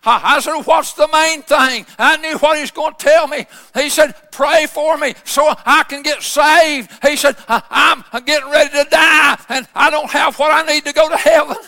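Shouting preacher, high gravelly voice. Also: male voice, fairly even intonation, moderate pace, hardly any pauses, long reverb tail. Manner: shouting, fervent revival preaching with many uh fillers. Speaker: pastor. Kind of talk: sermon.

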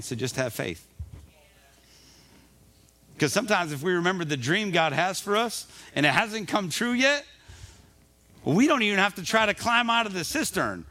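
Preacher guy, sermon, big swings in pitch, bright voice, acts out little voices in the story. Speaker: pastor. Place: church.

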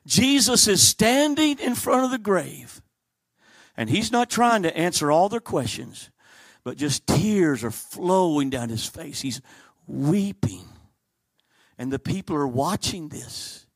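A man's voice: sits high, lively intonation, a little slow, dry recording. A man preaching a sermon, telling the story with animation and acting out the characters.

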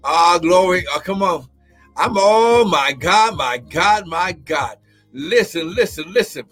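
A high-voiced, bright man preaches on a live stream, shouting and whooping in fervent bursts. His tone is husky, with faint music underneath. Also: animated, a little slow. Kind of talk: charismatic live-stream sermon and prayer.

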